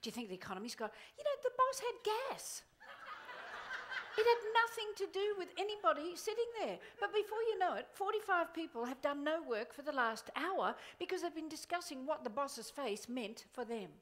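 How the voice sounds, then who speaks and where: Middle-aged woman, motivational speaker, high voice, very animated, exclaims a lot. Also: moderate pace, a little hiss or hum. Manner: animated, exclamatory, quotes others in funny voices. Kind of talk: live motivational keynote. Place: conference hall before an audience.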